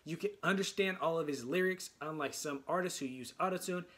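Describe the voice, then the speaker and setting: A man from the United States with a high voice talks through a music reaction video in a loose, excited way. He rambles and trips over his words as he gives his opinions. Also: brisk. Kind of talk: casual reaction commentary.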